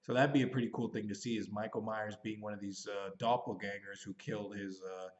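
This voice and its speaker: A man's voice: fairly low pitch, steady tone, fairly quick, highs cut off. A man in his thirties giving a casual, rambling movie review, hurrying and thinking aloud as he goes. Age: 30s.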